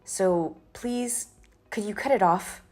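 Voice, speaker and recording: An actress playing a young office worker who firmly and politely pushes back against a colleague. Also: female voice, mid-range voice, slow pace, a little mellow. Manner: firm, exasperated, polite refusals. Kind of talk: scripted dialogue drama.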